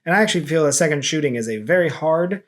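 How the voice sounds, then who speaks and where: A man co-hosting a photography podcast in casual chat, relaxed and wry, often dropping into low mutters. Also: fast talker. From United States.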